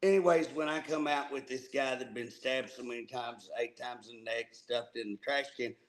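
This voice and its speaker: A man's voice: medium pitch, fairly even intonation, moderate pace, rough recording. A man co-hosting a casual political talk show, folksy and emphatic, often repeating words as he starts a thought. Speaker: co-host.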